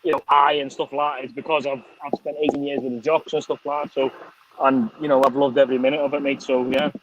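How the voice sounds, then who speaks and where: A middle-aged man with a softened Liverpool accent chatting on a live stream, sweary and chummy, calling everyone mate. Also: mid-range voice, little pitch movement, fast talker, highs cut off, background noise. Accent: Liverpool, softened by Scottish. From England, Liverpool. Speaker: motorcycle vlogger hosting a live stream. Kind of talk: casual live-stream chat.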